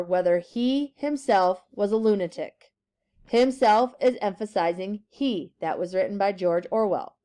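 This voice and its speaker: A woman teacher giving a classroom grammar lesson, slowly stressing key words and reading example sentences aloud. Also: mid-range voice, mellow.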